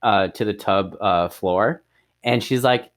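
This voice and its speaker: A man's voice: fairly low pitch, takes it slowly. A man co-hosting a podcast, chatting casually and hesitantly about a film and an interview he watched. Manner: easygoing, hesitant, many fillers and restarts. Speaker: podcast co-host. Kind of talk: casual film review chat.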